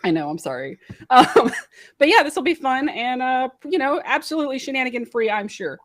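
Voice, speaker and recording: A woman on a video call, talking brightly and laughing while holding back emotion. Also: high voice, sing-song, brisk, no room sound, clean studio sound. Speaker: guest of honor.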